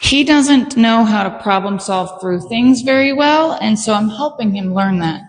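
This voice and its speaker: Woman, dog trainer, calm explanations, unhurried delivery, reverberant room. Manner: calm, patient explaining, bursts of high praise.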